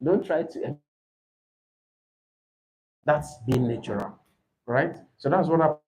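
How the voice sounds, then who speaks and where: A man teaching an IELTS speaking class, animated and emphatic, often checking in with "right?". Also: on the high side, slow pace, rough recording. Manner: animated, rising to emphatic points, asks "right?". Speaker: IELTS tutor.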